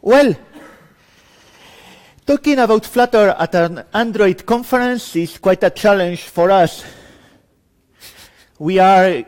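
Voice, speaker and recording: In front of an audience in a conference room, a man from Spain with a Spanish accent presents an off-the-cuff introduction to a lab, chatty and self-deprecating, laughing between lines. His voice is high-pitched and darkish in tone, and he speaks slowly with long pauses.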